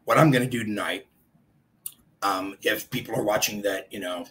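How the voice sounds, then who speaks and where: A man hosting a casual live stream, chatting in a rambling way and greeting viewers by name, his voice a bit congested and hoarse. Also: on the low side, normal speed, a bit bright, rough recording.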